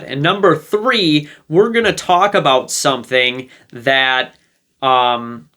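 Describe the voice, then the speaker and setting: A man's voice: a little high, sharp tone. Man who keeps asking 'okay?' as he teaches. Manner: ends many points with a checking 'okay?'; conversational, with many fillers and restarts. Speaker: relationship advice video host. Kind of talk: casual teaching monologue.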